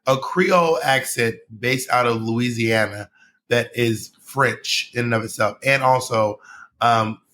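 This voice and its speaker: A man's voice: mid-range voice, a little slow, bright, forceful tone, a little hiss or hum. An American man talking as an interview guest on a video call, chatty and joking, drifting off on tangents. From United States. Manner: chatty, jokey, goes off on tangents. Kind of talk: casual conversation over a video call.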